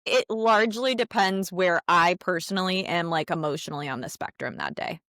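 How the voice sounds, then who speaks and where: A woman in her thirties with a gravelly, creaky edge to her voice, co-hosting a casual podcast. She talks candidly and warmly about everyday parenting moments. The recording is close and dry, with no room sound. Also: fairly low pitch, animated, a little fast, dry recording. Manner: candid and chatty, quotes her son in a soft small voice. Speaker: podcast co-host. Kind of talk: casual chat.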